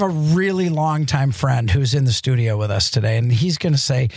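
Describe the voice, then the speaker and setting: A middle-aged man hosting a studio talk show, enthusiastic and excitable in casual chat. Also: on the high side, brisk, few pauses, dry recording. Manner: excitable, enthusiastic, talks in bursts. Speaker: radio show host.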